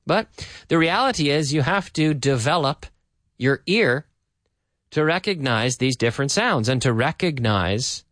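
Man, English teacher, lively pitch, dry close sound, slow repetitions and explanations. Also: no room sound. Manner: repeats phrases slowly, then explains. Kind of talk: language lesson, translating and explaining phrases.

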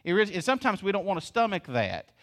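A man's voice: high voice, very animated, fast, fairly bright tone. A male pastor, preaching a sermon with folksy, emphatic rhetorical questions. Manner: folksy, calls the congregation y'all.

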